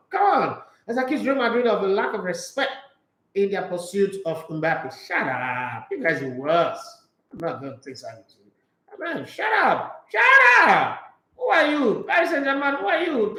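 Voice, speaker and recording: High-voiced man ranting about football. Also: echoey room, low-quality recording. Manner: animated and mocking, swings from reading headlines to loud rants. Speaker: sports talk show host. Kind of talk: solo sports talk, reading transfer news with commentary.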